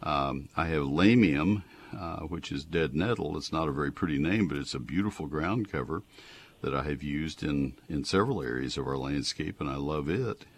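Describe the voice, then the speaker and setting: A man's voice: a bass voice, moderate pace, husky. A man hosting a radio gardening call-in show, chatty and enthusiastic, with frequent uhs. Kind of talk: casual call-in radio talk.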